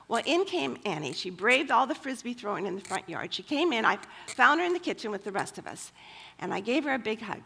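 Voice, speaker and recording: Chatty woman with a creaky, husky voice. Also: medium pitch, big pitch swings, fast, fairly bright tone. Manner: chatty, with frequent fillers. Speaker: speaker at a church women's gathering. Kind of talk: personal storytelling talk.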